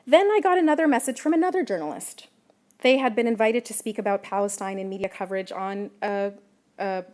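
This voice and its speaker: A woman journalist giving a prepared public talk, measured and emphatic, stressing key words. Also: mid-range voice, darkish tone. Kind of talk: prepared lecture.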